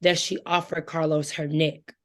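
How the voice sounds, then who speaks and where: A woman's voice: deep voice, level tone. Emphatic woman in casual book chat. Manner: emphatic, quick to object. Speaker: guest co-reader.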